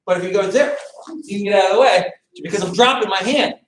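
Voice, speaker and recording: A man's voice: sits high, fast talker, a little hiss or hum. A man teaching a beginner boxing class over a video call, calling out counts and commands as he coaches. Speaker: martial arts instructor. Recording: echoey room, distant mic.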